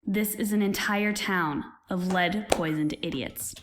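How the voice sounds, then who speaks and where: A woman's voice: lowish voice, unhurried, slight background noise, close to an everyday voice. A woman voicing an exasperated young woman who lectures a foolish mayor in a matter-of-fact way. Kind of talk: comedic fan-dub voice acting.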